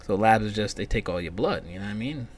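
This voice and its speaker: A man hosting a solo comedy podcast, ranting profanely and swinging from loud outbursts to muttered whispered asides. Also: on the low side, expressive, fast talker, slight background noise. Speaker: podcast host.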